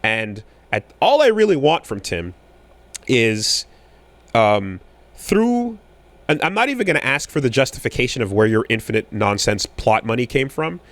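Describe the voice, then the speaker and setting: A man in his thirties co-hosting a podcast in casual chat, rambling with many fillers and restarts, getting animated when riled. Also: medium pitch, moderate pace, no room sound. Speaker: podcast co-host.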